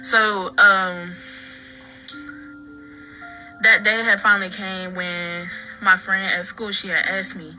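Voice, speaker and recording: A woman recounting her own story in halting, earnest talk full of restarts and fillers. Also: mid-range voice, flat delivery, bright, forceful tone, soft background music, poor audio. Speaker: daughter telling her story. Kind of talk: personal account.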